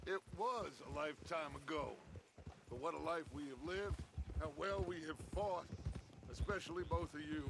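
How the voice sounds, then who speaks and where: Dutch, grand-talking gang leader. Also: male voice, on the high side, normal speed, noisy background. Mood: wistful. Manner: smooth, theatrical, persuasive. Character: charismatic middle-aged male gang leader, grandiose. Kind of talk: video game dialogue.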